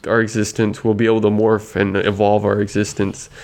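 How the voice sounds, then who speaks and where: A man's voice: on the low side, completely flat delivery, fairly quick, darkish tone. A man in casual podcast chat, talking hesitantly with many restarts. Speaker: podcast co-host.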